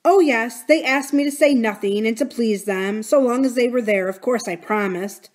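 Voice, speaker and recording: A woman's voice: on the high side, normal speed, close to an everyday voice. A woman reading as an anxious, earnest housekeeper. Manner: earnest, startled questioning. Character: anxious kindly middle-aged housekeeper woman. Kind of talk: reading a novel aloud.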